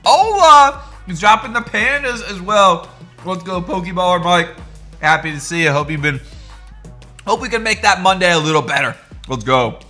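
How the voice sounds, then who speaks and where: A young man hosting a casual livestream, excitedly greeting chat viewers by name and hyping things up as he talks. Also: high voice, moderate pace, soft background music. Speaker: livestream host.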